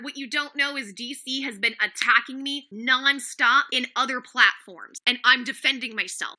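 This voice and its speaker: A woman with a high, very bright, sharp-edged voice, ranting on a livestream. She talks angrily and defensively, swears freely and snaps at commenters by name. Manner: angry, defensive, profane, addresses chat commenters by name. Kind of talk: heated livestream rant.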